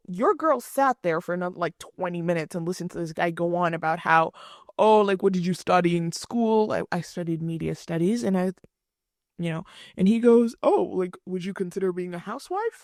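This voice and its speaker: A young woman hosting a podcast, telling a story in a sassy, animated way with playful asides. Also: medium pitch, dry recording, studio quality. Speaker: podcast host.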